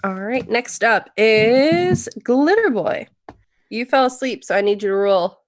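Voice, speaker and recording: A woman game master narrating a tabletop game in a casual, relaxed way, with plenty of fillers. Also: fairly high pitch, unhurried, no echo.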